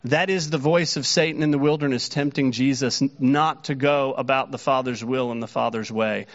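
A man's voice: medium pitch, fairly even intonation, moderate pace, dull audio. A man preaching a sermon earnestly, his voice rising when he quotes the mockers. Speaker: pastor.

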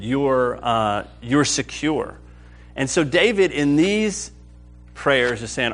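A man teaching a sermon to a live audience, acting out quoted prayers with animated swings in his voice. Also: medium pitch. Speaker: preacher.

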